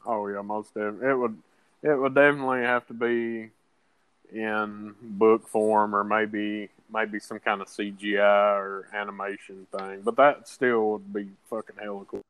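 A man hosting a podcast in casual chat, halting and restarting, swearing casually. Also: lowish voice, level tone, a bit bright, smooth, dry recording, low-quality recording. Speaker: podcast host.

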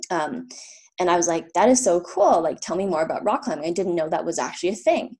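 A woman from Canada in her thirties with a somewhat low speaking voice. She tells her stories in a relaxed, rambling way, padded with fillers and quick laughs. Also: breathy edge. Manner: chatty, lots of fillers, laughs often. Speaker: guest. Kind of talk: casual storytelling.

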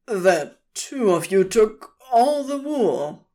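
A woman's voice: mid-range voice, sing-song, slow, warm tone, voice pushed up. A woman voicing a frantic, heartbroken man who talks in a pleading, tearful way. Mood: anxious.

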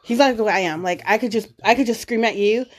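A woman's voice: fairly high pitch, fast talker. A woman in her forties, a mother hosting a casual family chat, who talks bluntly, swears freely and fills her speech with "like" and "you know". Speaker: podcast host, mother.

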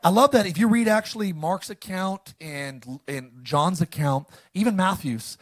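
A man preaching a sermon as pastor, reading scripture and calling the congregation to repeat after him, with sudden loud, animated bursts. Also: high voice, a little slow. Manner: call-and-response, animated with sudden loud lines.

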